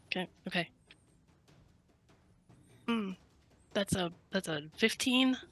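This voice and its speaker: A woman's voice: mid-range voice, slow pace, fairly bright tone, no room sound, soft background music. A woman taking her turn as a player in a tabletop game, joking playfully as she goes. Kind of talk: casual tabletop game play.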